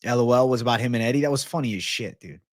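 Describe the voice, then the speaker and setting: A man's voice: medium pitch, racing, dry recording, clean studio sound. Swearing, joking man hosting a livestream. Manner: loose, joking, swears a lot, talks to chat. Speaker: livestream host reading chat. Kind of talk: casual profane livestream chat.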